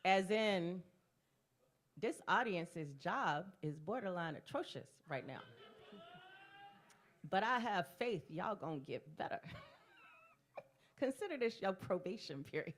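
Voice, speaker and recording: Woman slam emcee, brash and profane, lively pitch, teases the crowd. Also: takes it slowly, pauses often. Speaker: poetry slam host. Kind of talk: live emcee banter. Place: live poetry venue in a bar.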